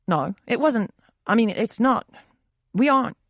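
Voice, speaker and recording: A woman reading the part of an easygoing young male bookstore owner in an audiobook, gentle and easily flustered. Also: extremely high pitch, lively intonation, measured pace, dry recording, studio quality, pitched above the performer's own voice, full character voice. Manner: gentle, flustered when teased. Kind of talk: audiobook dialogue.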